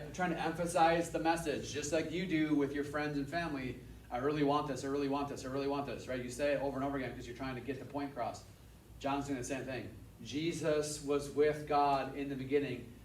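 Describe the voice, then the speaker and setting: A man giving a casual Bible lesson to a class, energetic and repeating his points for emphasis. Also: a little high, a little hiss or hum. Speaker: Bible teacher. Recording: echoey room, mic at a distance.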